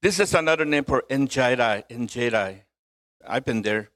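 A middle-aged man preaching a sermon, joking with the congregation and reading scripture aloud in a measured way. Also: mid-range voice, lively intonation, fairly bright tone. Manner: joking, chuckles often, slow measured reading.

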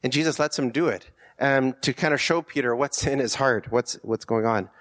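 A man's voice: medium pitch, normal speed, a bit bright. A man preaching a conversational sermon, earnest, with rhetorical questions and frequent restarts.

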